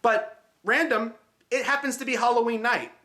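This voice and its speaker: A man's voice: extremely high pitch, normal speed, bright, forceful tone. A man hosting a film review show, talking casually and sarcastically and swearing often. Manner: sarcastic, swears freely, mocking.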